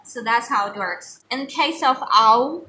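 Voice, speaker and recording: A young woman giving an online pronunciation lesson, saying each example word over and over so the learner can follow. Her voice is bright and clear and sits a little high. A faint hiss runs under the recording. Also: far from the mic. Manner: repeats example words slowly for the learner. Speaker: online tutor.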